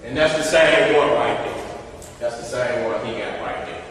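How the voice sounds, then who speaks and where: A man giving a casual, emphatic slide talk to an audience. He keeps repeating short questions, and his voice swings between loud bursts and low asides. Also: moderate pace, slight background noise. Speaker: presenter showing images to an audience. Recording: echoey hall from a distant mic.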